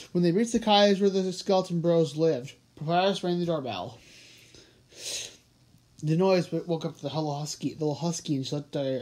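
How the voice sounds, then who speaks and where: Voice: mid-range voice, darkish tone. A young amateur reader narrating a fan story aloud, often stumbling and correcting words mid-sentence. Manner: stumbling, self-correcting reading. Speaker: audiobook reader.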